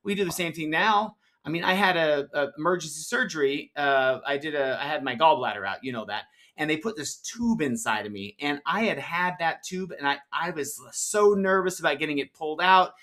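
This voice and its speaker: A man's voice: fairly high pitch, a little fast, hardly any pauses, sharp tone. A man co-hosting a podcast in casual conversation, affirming his partner and thinking aloud as he goes. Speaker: podcast co-host.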